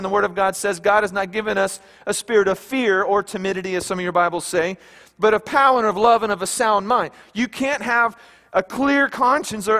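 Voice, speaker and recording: A man with a high, light voice preaches in a church sanctuary, his words trailing into a long hall reverb. He talks to the congregation plainly and conversationally, tossing out rhetorical questions as he goes. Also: fairly bright tone. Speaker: pastor. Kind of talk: sermon.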